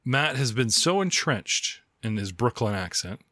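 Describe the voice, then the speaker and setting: Man game master, mid pitch, rambling and laid-back, dry close mic. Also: big pitch swings, a little slow, bright, forceful tone, no echo. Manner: chatty, laid-back, rambling scene descriptions. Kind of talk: running a tabletop game.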